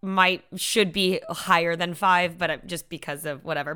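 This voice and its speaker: Bright-voiced, animated woman. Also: lowish voice, moderate pace, hardly any pauses, clear, resonant tone. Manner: animated, laughing storyteller acting out bits. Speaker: podcast co-host. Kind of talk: casual chat.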